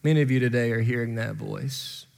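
Man in his 40s, pastor, sermon delivery, mid-pitched, conversational then fervent, long church reverb. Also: a little fast, creaky, darkish tone. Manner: conversational storytelling rising to impassioned exhortation. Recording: long reverb in large hall.

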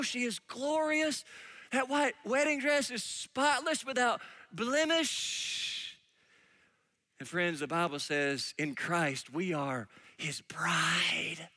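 A male preacher delivering a sermon, animated and emphatic, dropping now and then into soft, hushed asides. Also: high-pitched.

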